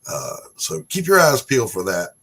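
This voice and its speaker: A man's voice: mid-range voice, huge pitch swings, moderate pace, vocal fry, fairly bright tone, breathy edge. A middle-aged man hosting a podcast, rambling and self-deprecating as he chats with his guests. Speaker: podcast host. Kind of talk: casual chat.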